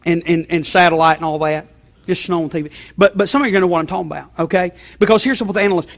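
A male pastor preaching a sermon in a conversational way, checking in with the congregation and shifting between loud emphasis and quiet asides. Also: sits high, very fast. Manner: conversational, repeating check-ins, frequent restarts.

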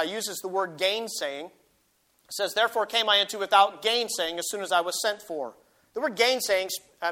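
A man's voice: sits high, bright, forceful tone. A man preaching a sermon, reading scripture aloud and explaining it with folksy asides and emphatic peaks. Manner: folksy asides with self-deprecating humor. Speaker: pastor.

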